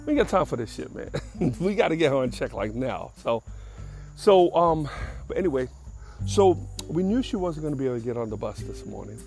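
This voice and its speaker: A man's voice: mid-range voice, big pitch swings, a little fast, darkish tone, soft background music. Blunt older New man. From the Bronx, New York. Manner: blunt, streetwise and profane, with chuckles. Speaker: podcast host. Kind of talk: casual storytelling monologue.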